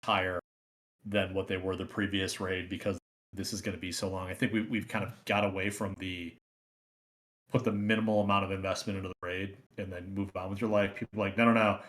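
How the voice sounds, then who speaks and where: Male host, lowish voice, halting explainer, stumbles and restarts a lot. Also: flat delivery, fairly bright tone. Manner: halting, repeats words and restarts while explaining. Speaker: podcast host. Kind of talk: casual chat.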